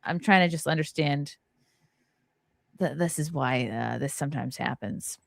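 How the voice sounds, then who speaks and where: In a low, gravelly voice and an unhurried pace, a woman in her thirties, a comic hosting her own podcast, speaks frankly and swears plenty. Her pitch shoots up when she gets worked up during the emotional talk, and the studio-quality recording is dry.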